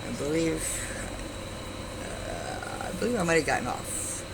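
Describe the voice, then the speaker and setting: In a deep voice at a measured pace, over a very noisy recording, a woman tells a casual vlog story about a chaotic date. She's animated, swears freely and acts out the voices of the people she quotes.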